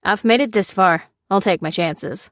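A woman's voice: medium pitch, moderate pace, no echo, studio quality, close to an everyday voice. A woman reading the lines of a sick, defiant man who speaks curtly.

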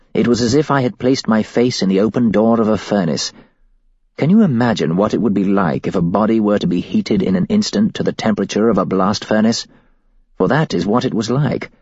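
A man narrating a first-person story in a measured, grave storytelling manner. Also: on the low side, darkish tone, husky, no echo. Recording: dull dry lo-fi recording.

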